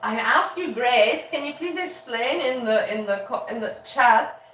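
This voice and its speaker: A woman live-streaming as she cooks, chatting to viewers in an animated, laughing way and swearing freely. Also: on the high side, unhurried, distant mic, slight background noise. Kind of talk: casual live-stream chat while cooking. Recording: roomy echo with faint music.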